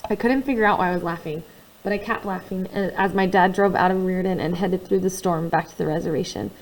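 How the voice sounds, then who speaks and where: Female reader, first-person novel, expressive delivery that swings between hushed and loud. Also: lowish voice, fast, a little hiss or hum, low-quality recording. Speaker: audiobook reader.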